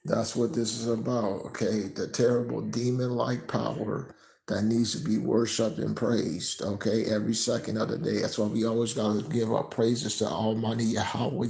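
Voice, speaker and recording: A man teaching from scripture, tagging nearly every sentence with "okay?" and reading the verses slower and louder. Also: on the low side, creaky, a little hiss or hum, poor audio. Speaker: preacher.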